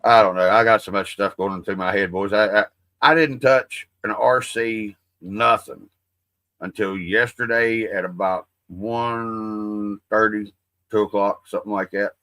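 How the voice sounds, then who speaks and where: A man's voice: fairly low pitch, fairly even intonation, measured pace, bright, forceful tone, no echo. A middle-aged man hosting a livestream, rambling in a folksy, profane, casual way. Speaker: livestream host.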